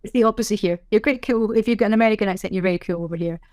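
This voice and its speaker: A middle-aged woman with a Scottish accent talks freely in a podcast interview, spinning anecdotes with a wry, self-deprecating touch. Her voice sits at an ordinary pitch for a woman and comes through close and dry, with no room sound around it. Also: racing, dry recording. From Scotland. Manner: chatty, self-deprecating, animated storyteller. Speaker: guest, sign language interpreter. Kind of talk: casual interview chat.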